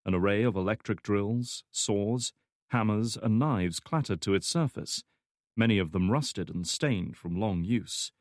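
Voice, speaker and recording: A man narrating a thriller audiobook in a measured, scripted storytelling style. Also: fairly low pitch, a little mellow, dry recording, studio quality.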